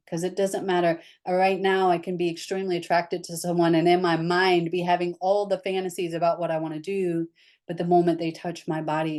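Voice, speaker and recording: Low-voiced woman leading somatic practice. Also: darkish tone. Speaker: somatic therapy group leader. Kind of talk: guided somatic lesson.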